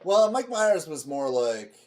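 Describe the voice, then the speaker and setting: A man's voice: on the high side, sing-song, unhurried, crowd noise. A man co-hosting a podcast in casual chat, emphatic and profane as he riffs on movies. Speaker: podcast co-host.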